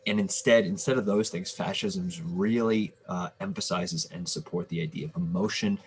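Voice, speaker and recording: A man teaching a remote history lesson in a casual, halting way, with fillers and restarts. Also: low-pitched, fairly even intonation, a little hiss or hum.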